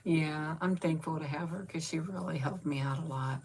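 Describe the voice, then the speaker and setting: Husky lady in her 50s, chatty, coos at her pet and thanks viewers. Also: low-pitched, normal speed, a little mellow. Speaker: channel host. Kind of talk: casual live chat.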